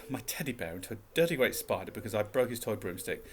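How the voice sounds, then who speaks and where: A man voicing a jumpy schoolboy who talks in a gruff, tense way. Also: lowish voice, lively intonation, fairly quick, slight background noise, natural voice.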